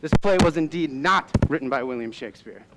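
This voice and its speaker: A man's voice: a little high, lively intonation, a little fast, very noisy. A young man playing a know-it-all male scholar who lectures and explains in a school stage play. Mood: lecturing.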